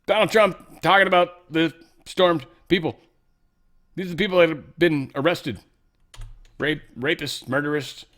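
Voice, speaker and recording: A man's voice: a little high, unhurried, long pauses, a bit bright. A man hosting an online commentary show, rambling and joking as he reacts to news clips, trailing off and laughing at himself. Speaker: show host.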